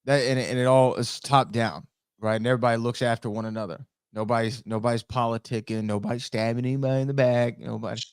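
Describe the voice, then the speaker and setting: Smooth-voiced man in casual podcast chat. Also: medium pitch, level tone, fast talker, no echo, clean studio sound.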